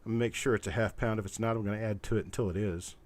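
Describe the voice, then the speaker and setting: Man calling bids in a rapid chant. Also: on the low side, fairly even intonation. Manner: rapid repetitive bid calling, casual asides. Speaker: coin auctioneer. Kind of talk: live auction calling. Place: cluttered room at home.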